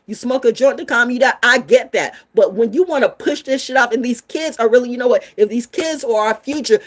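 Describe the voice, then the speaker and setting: A woman delivering a fiery, profane, sermon-style rant, preachy and full of rhetorical questions. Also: fairly high pitch. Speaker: spiritual vlogger. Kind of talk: ranting sermon-style monologue.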